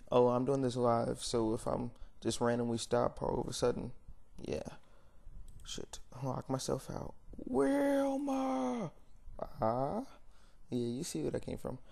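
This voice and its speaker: A man's voice: mid-range voice, gravelly, darkish tone. A young man ranting casually to camera, blunt and rambling, often stopping to correct himself. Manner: rambling, blunt, frequent fillers and self-corrections. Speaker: vlogger. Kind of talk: unscripted rant to camera.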